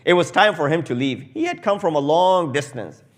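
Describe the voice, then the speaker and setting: Man preaching, South Asian accent, fairly high voice, lively storytelling sermon. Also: normal speed. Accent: South Asian English. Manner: animated storytelling with acted quotes, rising loud in climaxes. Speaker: Shia preacher. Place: mosque hall.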